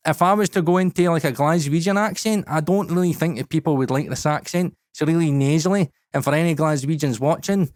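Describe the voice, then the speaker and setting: A man's voice: on the high side, fairly quick, few pauses, a little mellow, no echo, studio quality. A Scottish man co-hosting a podcast in casual, blunt chat, swearing freely. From Scotland. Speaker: podcast co-host.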